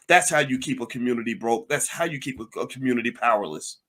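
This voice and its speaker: A man's voice: medium pitch, brisk, a bit bright. A man giving impassioned political commentary, firing off angry rhetorical questions.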